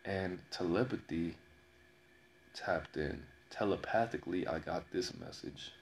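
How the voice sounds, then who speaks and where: A very deep, gravelly male voice tells a personal story at an unhurried pace. He leans on repetition and lets pauses hang for dramatic weight. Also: slight background noise. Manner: slow, dramatic telling with repeated phrases and pauses. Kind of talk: personal story told to camera.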